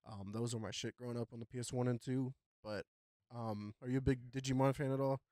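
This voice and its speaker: A young man hosting a podcast, chatting casually about gaming news with a relaxed, rambling delivery full of fillers. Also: medium pitch, fairly quick, no echo, clean studio sound. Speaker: podcast host.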